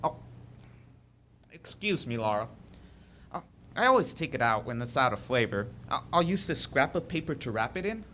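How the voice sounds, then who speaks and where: A man's voice: medium pitch, big pitch swings, normal speed, pauses often, pushed and bright, slight background noise. A man acting out a confident young man who fancies himself a judge of people, speaking earnestly and a bit boastfully in a stage monologue. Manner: earnest, self-assured, a little boastful.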